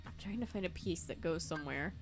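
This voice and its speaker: A woman's voice: fairly low pitch, fast talker, music in the background. A woman hosting a casual game stream, playful and giggly as she teases her guest. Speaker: host. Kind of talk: casual chat while gaming.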